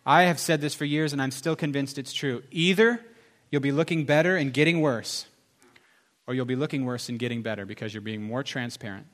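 A man preaching a sermon as pastor, swinging between loud emphasis and soft, confessional asides. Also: medium pitch, fairly quick.

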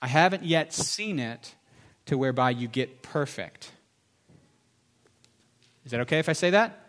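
A man preaching a sermon as pastor, swinging between loud emphasis and soft, confessional asides. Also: mid-range voice, animated, measured pace.

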